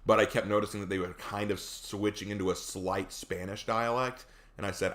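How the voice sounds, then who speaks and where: A man's voice: fairly low pitch, fairly even intonation, moderate pace, a bit bright. A man chatting casually on a live stream, reading viewer comments aloud and telling laid-back stories.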